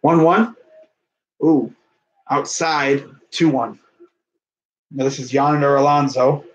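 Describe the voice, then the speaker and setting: A man's voice: medium pitch, steady tone, slow pace, muffled recording. A young man doing casual play-by-play of a baseball video game, chatty, laughing often and talking to someone off-mic. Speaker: fan commentator.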